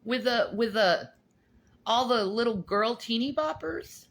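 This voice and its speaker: Lively, blunt woman podcast co-host. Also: a little high, unhurried. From North Carolina. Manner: animated, blunt, swearing freely. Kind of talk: casual chat.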